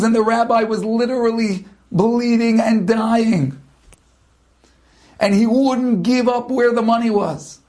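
A man with a high voice delivers a storytelling sermon. He speaks slowly and builds suspense with long dramatic pauses. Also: a little mellow.

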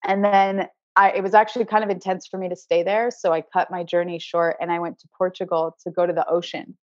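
This acupuncturist, a woman guest on a podcast, has a lowish voice and a flat, slightly fast delivery. Earnest and spiritual, she recounts a personal healing story, often repeating words as she gropes for them, captured in a dry, slightly dull recording.

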